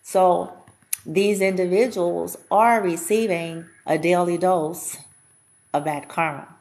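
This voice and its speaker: Blunt, chatty woman with a lowish voice. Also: fairly even intonation, slow pace, vocal fry, a little mellow. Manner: chatty and blunt, swears freely; repeats and restarts while thinking aloud. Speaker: spiritual reader. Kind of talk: casual spiritual talk to viewers.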